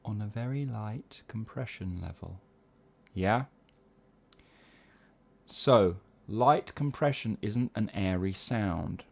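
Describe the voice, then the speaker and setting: A male singing coach with a low voice and a gravelly, creaky edge. He explains vocal technique step by step, checking in with the listener now and then. He drops into short sung syllable drills to demonstrate. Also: slow, long pauses. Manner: explains patiently, often checks in with "yeah?". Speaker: singing teacher.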